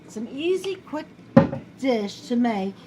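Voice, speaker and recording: A middle-aged woman with a New York accent chats her way through a home-cooked dish in her kitchen, wandering off topic and joking at her own expense. Her voice sits a bit high. The home recording carries clear background noise. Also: sing-song, slow. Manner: chatty, rambling, self-deprecating. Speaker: home cook vlogger. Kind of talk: casual cooking chat to camera.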